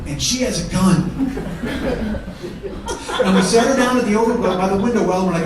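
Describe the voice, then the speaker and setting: A middle-aged man telling a profane, animated comedy story in a live one-man show, his voice jumping into shouts. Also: high-pitched, fairly quick, pauses often. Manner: animated, profane, shouts quoted kids' lines. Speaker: stand-up comedian. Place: live theater stage with audience laughing. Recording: echoey, distant theater recording with noise.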